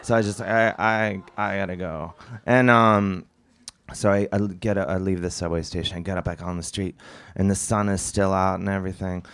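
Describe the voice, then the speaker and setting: A man telling a comic story on stage, rambling and animated, with lots of fillers and asides. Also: low-pitched, normal speed, smooth, dry recording. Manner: rambling, animated, self-mocking with many fillers. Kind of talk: stand-up storytelling.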